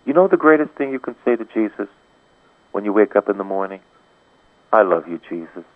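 A man preaching a charismatic sermon, repeating phrases with surging rises and hushed drops. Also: lowish voice, lively intonation, fast talker. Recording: tinny phone-like radio broadcast.

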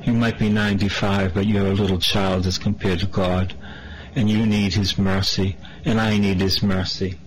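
A man's voice: low voice, flat delivery, moderate pace, slight background noise, rough recording. A man preaching a sermon, reading scripture aloud and then explaining it in a conversational way, with some false starts.

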